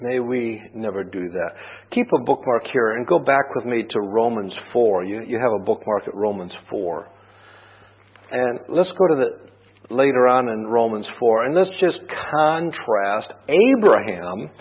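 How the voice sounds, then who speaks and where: A man's voice: medium pitch, lively intonation, unhurried, slightly rough. A man preaching a sermon, telling a personal story in a conversational way and asking rhetorical questions. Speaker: pastor. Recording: tinny phone-like band.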